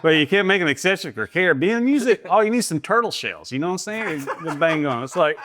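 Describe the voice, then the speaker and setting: A male podcast co-host cracking jokes about a film, his voice sitting a bit higher than most men's. He talks loosely and casually, tossing in "you know what I'm saying" as he riffs. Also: animated, quick pace, a crowd in the background. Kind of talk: casual movie-review chat.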